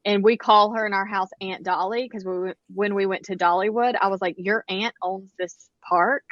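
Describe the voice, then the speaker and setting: A woman, co-hosting a casual chat and telling animated stories with lots of quoted dialogue. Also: medium pitch, normal speed, dry recording, lo-fi sound. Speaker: podcast co-host.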